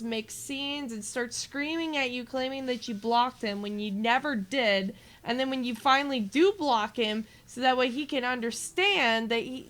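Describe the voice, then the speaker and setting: Animated ranting streamer woman in her twenties. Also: on the high side. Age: 20s. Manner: ranting, animated, swears freely. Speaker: game streamer. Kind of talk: casual live-stream chat.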